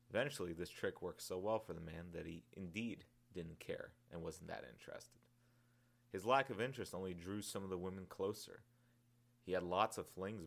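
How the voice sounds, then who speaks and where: A man reading his own novel aloud in a calm, measured audiobook narration. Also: low voice, creaky.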